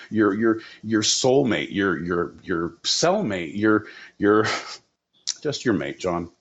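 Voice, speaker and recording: A low-voiced man co-hosting a comedic podcast, teasing and swearing as he riffs. His audio is dull and lo-fi. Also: expressive, takes it slowly. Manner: teasing, profane, riffing jokes. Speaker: podcast co-host. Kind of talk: casual comedic chat. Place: home setup in Southern California.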